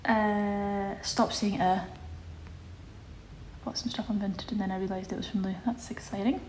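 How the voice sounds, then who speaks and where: A woman's voice: mid-range voice, fairly even intonation, moderate pace, darkish tone. Young woman, casual live-stream chat, roomy echo, faint background noise. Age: young adult. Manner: chatty, answers viewer comments. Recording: echoey room with faint ambience.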